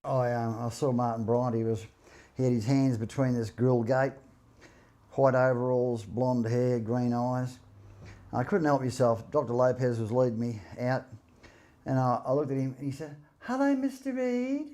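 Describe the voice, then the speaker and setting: An older man, bluntly recalling a story with halting restarts. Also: medium pitch, little pitch movement, warm tone. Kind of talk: casual recollection.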